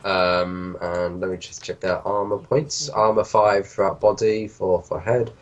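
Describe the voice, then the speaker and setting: Deep-voiced hesitant game master. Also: male voice, steady tone, lo-fi sound. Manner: hesitant, thinking aloud with many pauses. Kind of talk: running a tabletop game.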